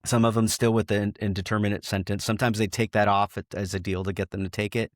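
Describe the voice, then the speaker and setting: A man's voice: on the low side, flat delivery, fast talker, no echo, studio quality. A middle-aged man, a retired state trooper, telling stories from his cases in a frank way, often restarting his sentences. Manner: frank, many restarts, quotes dialogue. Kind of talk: storytelling in a podcast interview.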